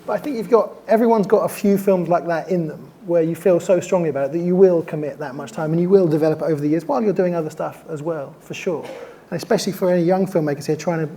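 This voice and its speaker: A documentary filmmaker speaking on a festival panel, telling stories quickly and enthusiastically, often correcting himself mid-sentence. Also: male voice, on the high side, warm tone, a little hiss or hum. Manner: rapid, enthusiastic, self-correcting storytelling. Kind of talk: casual panel discussion.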